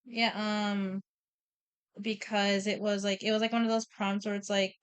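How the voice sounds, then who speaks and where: A woman's voice: medium pitch, little pitch movement, normal speed, smooth. A woman streamer casually retelling a story, rambling with lots of repeated "and then"s, swearing and laughing often.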